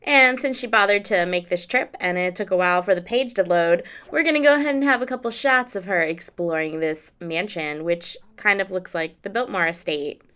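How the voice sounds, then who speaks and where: A woman's voice: lowish voice, moderate pace, few pauses, clear, resonant tone. A woman casually narrating a life-sim game with playful, sarcastic jokes. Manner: gets loud and excited. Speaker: let's play creator.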